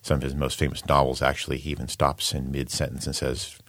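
A man who is a poet and translator, talking in an interview in a thoughtful, measured way with frequent pauses and ums. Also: rumbling low, level tone, a bit bright, no echo. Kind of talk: interview conversation.

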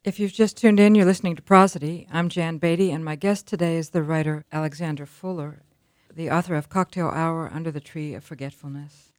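A woman's voice: deep voice, steady tone, fairly quick, no echo. A woman radio host introducing her guest and asking curious follow-up questions. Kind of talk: radio interview.

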